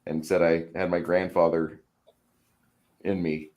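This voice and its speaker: Deep-voiced male streamer, casual home chat, trips over his words. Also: level tone, a little slow, a little mellow, slight background noise. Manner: rambling, stammers and repeats words. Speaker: stream host. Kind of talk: casual chat while painting miniatures.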